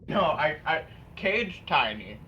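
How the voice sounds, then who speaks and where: A man playing a big, childlike giant who talks slowly in broken, simple phrases. The voice sits a little high. The audio is dull and lo-fi, like a streamed game session. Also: very animated, sharp tone, slight background noise. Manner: broken grammar, slow and simple. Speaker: player voicing a giant. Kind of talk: in-character tabletop role-play.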